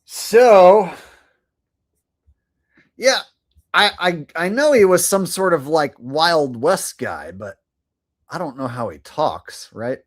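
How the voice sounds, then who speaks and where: A man's voice: fairly high pitch, animated, takes it slowly, long pauses. A man hosting a livestream, chatting casually with viewers in a rambling way, laughing and swearing now and then. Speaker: livestream host.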